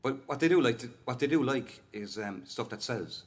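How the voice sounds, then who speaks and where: A man's voice: mid-range voice, expressive, fairly quick. Chatty Cork Irish man. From Cork, Ireland. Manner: rambling and chatty, full of "like" and "you know". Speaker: singer-songwriter guest. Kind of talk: casual interview chat.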